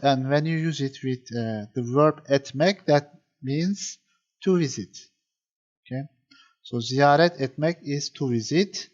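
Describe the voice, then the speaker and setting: A man's voice: fairly high pitch, darkish tone, lo-fi sound. Patient male grammar teacher. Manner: patient, repeats points, many fillers. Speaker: Turkish language teacher. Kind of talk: explaining grammar to viewers.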